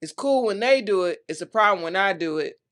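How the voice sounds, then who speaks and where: A woman's voice: medium pitch, animated, a little fast, a bit bright. Woman in her 30s, talk show host, chatty, candid, playful. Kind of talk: casual solo talk.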